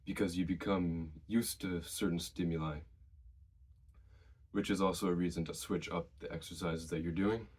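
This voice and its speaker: Very low-voiced man giving gym advice. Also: normal speed, a little hiss or hum. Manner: relaxed, conversational, shares personal experience. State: slightly out of breath. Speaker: fitness vlogger. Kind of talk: casual advice to camera.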